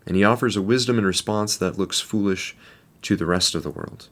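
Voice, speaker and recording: Guy with a really low voice reading a devotional, slow and deliberate, lots of questions to the listener. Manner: measured, deliberate, with rhetorical questions.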